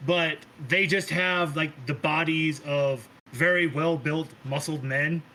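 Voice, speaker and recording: A man's voice: a little high, fairly even intonation, slow, sharp tone, slight background noise, rough recording. Casual man narrating a tabletop game. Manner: loose, casual narration with restarts and swearing. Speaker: game master.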